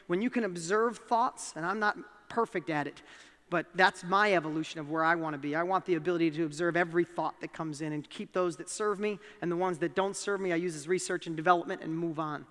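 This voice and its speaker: A man with a New York accent tells a personal story on stage, his voice rising sharply with emphasis. He speaks in a fairly high register for a man. A long hall reverb trails each phrase. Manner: animated storytelling, emphatic rises. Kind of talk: motivational talk.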